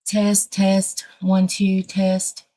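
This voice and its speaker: A woman hosting a casual livestream with a dry throat, talking bluntly and thinking out loud as she rambles. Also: medium pitch, monotone, extremely slow. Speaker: livestream host.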